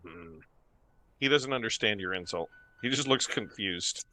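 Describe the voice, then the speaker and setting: A man narrating as game master of a tabletop game, slow and hesitant with many fillers. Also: lowish voice, expressive, bright, forceful tone.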